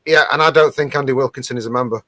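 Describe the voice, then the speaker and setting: A man's voice: mid-range voice, racing, sharp tone, no echo. A man co-hosting a casual live stream, reading viewer comments aloud and laughing often. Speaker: co-host reading out viewer captions.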